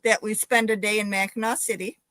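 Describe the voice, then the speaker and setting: A woman's voice: medium pitch, level tone, brisk, fairly bright tone, no echo, poor audio. Firm woman, dry sound. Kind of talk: casual chat.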